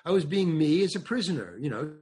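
A man's voice: fairly high pitch, sing-song, fast, darkish tone, breathy edge. An older man with a slightly raised voice rambles through a story from his acting days. He slips into the voices of the people he quotes and keeps circling back with restarts and asides. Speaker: guest, comedian and actor. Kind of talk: anecdotal interview storytelling.

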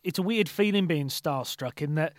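A man's voice: on the high side, normal speed, no room sound, studio quality. A man hosting a podcast, a chatty storyteller who tells anecdotes and laughs easily. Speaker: podcast host. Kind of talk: casual chat.

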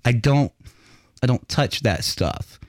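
A man hosting a loose, profane podcast, swinging his voice up high whenever he acts out a story. He laughs often and swears constantly. His recording is dry and close, with no room sound. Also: expressive, takes it slowly, dry recording. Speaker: podcast host. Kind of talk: casual chat.

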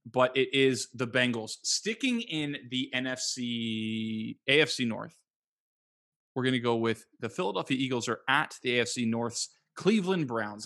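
A man's voice: medium pitch, a bit bright. A man hosting a sports podcast, running the picks segment in a joking, self-deprecating way. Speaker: podcast host. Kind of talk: casual sports talk.

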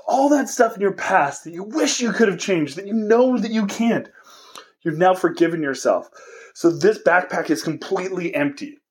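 A man hosting a podcast, giving an earnest, encouraging motivational monologue straight to his listeners. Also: a little high. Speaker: podcast host.

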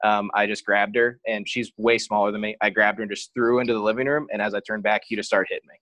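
Frank man telling a story, low voice. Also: level tone, fast talker, fairly bright tone, dry recording. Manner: frank and open, heavy use of "like". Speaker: podcast guest. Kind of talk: casual personal storytelling.

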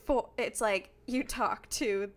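Chatty, giggly young woman co-host. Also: on the high side. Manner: chatty, giggly, quick to laugh. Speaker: podcast co-host. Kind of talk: casual chat.

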